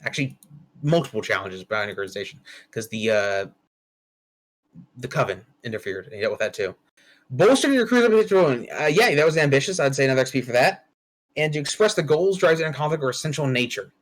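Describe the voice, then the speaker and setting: A man's voice: mid-range voice, lively intonation, fast, rough recording. A man running a tabletop game as game master, talking casually and bluntly and swearing freely.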